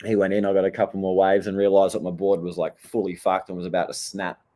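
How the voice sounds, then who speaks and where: An Australian surfer vlogger tells stories as a casual, blunt rant full of swearing. His low voice is monotone and dark-toned, and he talks at a quick pace.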